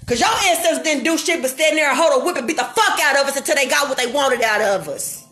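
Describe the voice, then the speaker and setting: Woman, 30s, home vlogger: fired-up, profane rant with a high, sharp voice. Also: lively intonation, brisk, few pauses. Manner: heated, profane, emphatic. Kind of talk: unscripted rant to camera. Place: home kitchen.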